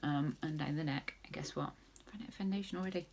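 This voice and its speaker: A woman talks her viewers through a makeup tutorial in a loose, rambling way, full of jokey asides. Her voice sits very low with a lot of gravelly fry. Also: quick pace, background noise. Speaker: makeup vlogger. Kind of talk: casual makeup tutorial chat.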